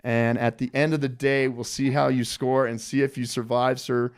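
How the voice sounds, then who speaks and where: A man hosting a podcast interview, politely addressing his guest as sir while laying out a survival quiz with lively storytelling. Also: medium pitch, normal speed, clear, resonant tone. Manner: respectful, calls guest sir, animated storyteller. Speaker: podcast host.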